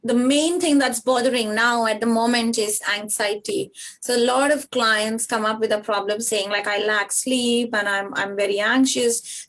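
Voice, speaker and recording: A woman yoga teacher answers an interviewer over a video call. Her voice sits a little high, and she explains earnestly, with many short pauses. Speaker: yoga teacher and studio founder.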